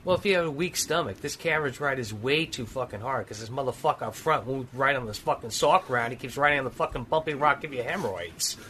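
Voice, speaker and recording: A man's voice: mid-range voice, animated, fast, few pauses, sharp tone, slight background noise. A man playing a tabletop game, crude and sarcastic, swearing freely. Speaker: player. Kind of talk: casual tabletop game chat.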